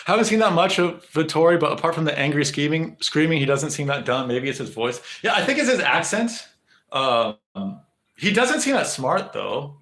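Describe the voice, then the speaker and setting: A man's voice: a little high, expressive, normal speed, a bit bright, echoey room. A young man streaming live, rambling to his chat with lots of swearing, fillers and restarts. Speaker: livestreamer.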